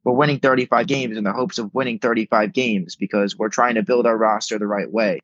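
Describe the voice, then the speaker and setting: A man's voice: on the low side, fairly even intonation, a little fast, fairly bright tone, no echo. A young man as a guest on a sports podcast, speaking emphatically and repeating words as he thinks, heard over a remote call. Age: young adult. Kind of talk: casual sports podcast chat. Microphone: remote call microphone. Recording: dull lo-fi remote call audio.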